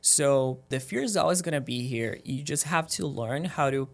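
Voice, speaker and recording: A man's voice: medium pitch, normal speed, gravelly. A man talking as a guest on a podcast, earnest and motivational, rambling with lots of "like"s. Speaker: guest, esthetician. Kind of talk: casual podcast chat.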